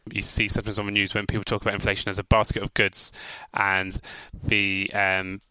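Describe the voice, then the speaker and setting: Bright-voiced male co-host, upbeat. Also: on the low side, completely flat delivery, brisk, smooth, no echo, rough recording. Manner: upbeat game-show quizzing. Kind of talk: casual chat about money.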